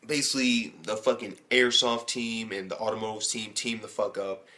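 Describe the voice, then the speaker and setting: A man giving a casual, rambling recap of an anime episode as a reviewer, excitable and swearing heavily. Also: fairly low pitch, moderate pace. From United States.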